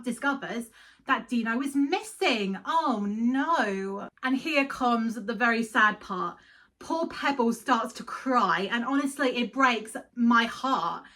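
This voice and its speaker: A woman's voice: on the high side, normal speed, pushed and bright. A woman hosting a casual cartoon review, chatty and emotional, often giggling. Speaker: video host.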